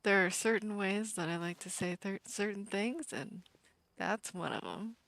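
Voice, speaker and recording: A woman streaming a game, chatting casually with viewers in a calm, relaxed way and laughing easily. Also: mid-range voice, normal speed, creaky. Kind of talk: casual live-stream chat over gameplay.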